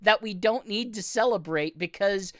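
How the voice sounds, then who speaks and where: A woman's voice: medium pitch, normal speed, a bit bright, no echo, clean studio sound. A woman co-hosting a gaming podcast in casual chat, blunt and heated, swearing and talking over the others. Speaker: podcast co-host, games writer.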